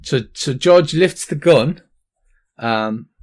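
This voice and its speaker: A man's voice: on the high side, animated, slow. Hesitant man running a tabletop game. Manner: hesitant, lots of ums and restarts. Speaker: game master.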